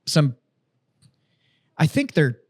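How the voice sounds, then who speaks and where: A man co-hosting a podcast, telling stories in casual, profane, animated chat. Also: a little high, drawn-out words. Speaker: podcast co-host.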